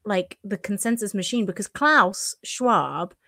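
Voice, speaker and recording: A woman's voice: mid-range voice, expressive, measured pace, bright, forceful tone, no echo, clean studio sound. Chatty woman podcast co-host. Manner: hesitant, many restarts and fillers, laughs often. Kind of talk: casual chat.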